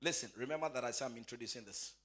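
A man preaching a sermon who repeats his phrases and swings from quiet asides to shouted, sing-song proclamation. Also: mid-range voice, very fast.

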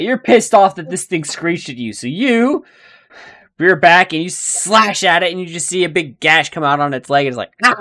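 A man's voice: on the high side, no echo. A man running a tabletop game as game master, narrating the fight and swearing freely. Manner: swearing, laughing, lively narration.

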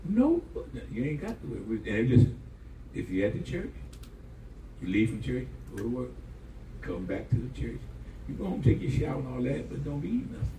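With a dark tone and very animated delivery at normal speed, this medium-pitched pastor preaches a sermon built on humorous storytelling, folksy "y'all" phrasing and call-and-response. He's recorded from a distance in an echoey room, background noise audible.

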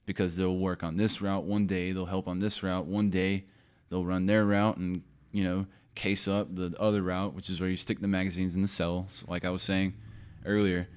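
A man's voice: low-pitched, little pitch movement, moderate pace, clean tone. A man hosting his own podcast in a casual, rambling monologue, often interrupting himself with offhand asides. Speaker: podcast host.

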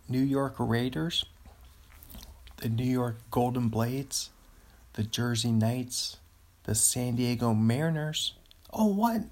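A man talks through a casual solo podcast at an unhurried, drawn-out pace. His voice has a gravelly, fry-edged texture. He rambles and is easily amused, chuckling as he reads material aloud. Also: mid-range voice, a little mellow. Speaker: podcast host.

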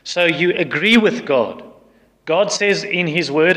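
Emphatic preacher in a reverberant hall. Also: male voice, fairly high pitch, lively intonation, a little slow, a bit bright. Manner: emphatic, repeats lines and acts out excuses in quoted voices. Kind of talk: sermon.

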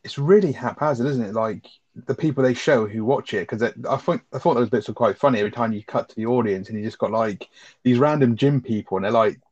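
A man chatting fast and rambling about a film, swearing heavily and laughing. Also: mid-range voice, darkish tone, no room sound, lo-fi sound. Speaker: film review podcast co-host. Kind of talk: casual chat, reacting to a film.

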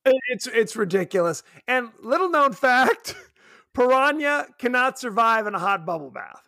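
A man's voice: very high voice, moderate pace, vocal fry, dry recording, studio quality. A man co-hosting a podcast, chatting casually and jokingly about a horror movie. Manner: joking, animated, teasing. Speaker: podcast co-host. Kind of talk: casual movie review chat.

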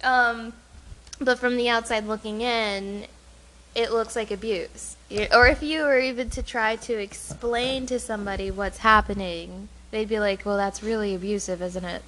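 A woman's voice: fairly high pitch, measured pace, a bit bright, slight background noise, rough recording. A woman co-hosting a casual talk show as a caregiver. She speaks earnestly and laughs easily while covering a hard subject. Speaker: podcast co-host and caregiver. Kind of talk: casual conversational chat.

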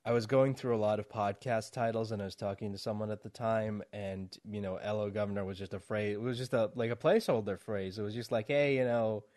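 A man's voice: lowish voice, fairly even intonation, a little fast, few pauses, a little mellow, no room sound, clean studio sound. A man hosting a podcast in casual chat, rambling with fillers and frequent laughs. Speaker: podcast host.

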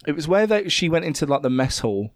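A man co-hosting a casual film chat, animated and swearing freely. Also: on the high side, fast talker, dry recording, clean studio sound.

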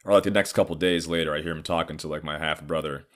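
A man's voice: a bass voice, fairly even intonation, fast. A man in his thirties telling a personal story in a casual, heated and profane way. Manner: profane, heated, acts out others' lines.

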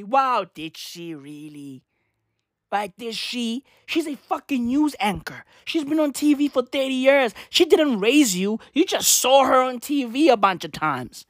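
Woman, profane sarcastic rant, lively swooping pitch, dry close sound. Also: measured pace, dry recording. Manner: profane, sarcastic, exasperated ranting. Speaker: vlogger. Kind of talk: comic rant to camera.

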